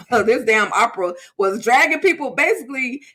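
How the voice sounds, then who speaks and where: A woman's voice: a little high, animated, moderate pace, pushed and bright. A woman co-hosting a casual chat, animatedly recapping a TV episode and laughing mid-sentence. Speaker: co-host. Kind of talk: casual chat about a TV show.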